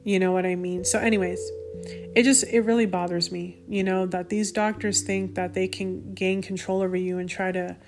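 A woman's voice: on the low side, little pitch movement, normal speed, darkish tone, faint music behind. A woman in her thirties or forties hosting a faith podcast, speaking indignantly in a casual monologue, with many restarts and asides. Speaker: podcast host.

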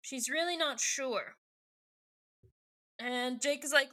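A woman's voice: high-pitched, slow, pauses often, sharp tone. A woman co-hosting a podcast, recapping a book in casual chat, giggly and swearing casually. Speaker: podcast co-host.

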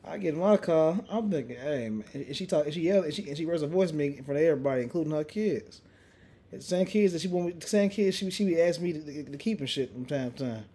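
A young man hosting a casual podcast, telling a story in a profane, animated way with lots of restarts. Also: fairly high pitch, fast talker, slightly rough. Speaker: podcast host. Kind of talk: casual chat.

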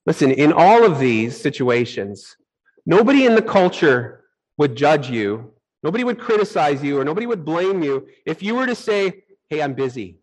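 A middle-aged pastor delivers a sermon through personal anecdotes. He tells them animatedly and acts out his own reactions. His voice sits a little on the high side for a man. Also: big pitch swings, normal speed, rough recording.

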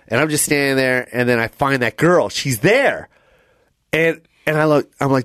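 A man co-hosting a podcast, telling stories in a loose, animated way with lots of fillers and acted-out voices. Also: medium pitch, moderate pace, dry recording, studio quality. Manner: animated storyteller, many fillers, acts out voices. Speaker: comedian and podcast co-host. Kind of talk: casual storytelling chat.

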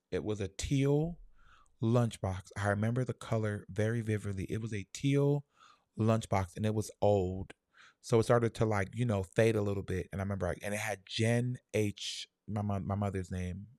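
Young guy telling a story from his childhood, kinda low voice, soft and halting, lots of "like", dry close sound. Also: no room sound. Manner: soft, halting, reflective, many fillers. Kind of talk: personal storytelling.

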